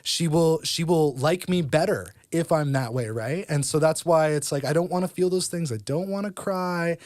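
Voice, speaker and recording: A man with a fairly high voice, recorded close and dry, with no room sound at all. He is a pastor talking frankly and confessionally in an easygoing chat. He laughs easily as he speaks. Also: moderate pace, a little mellow, no echo. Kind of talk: casual conversation.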